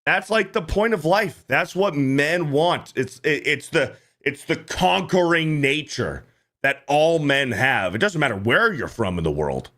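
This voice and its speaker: A man's voice: on the high side, big pitch swings, unhurried, fairly bright tone. A man hosting a livestream, reacting to clips in casual, profane commentary and often repeating himself. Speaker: livestream host.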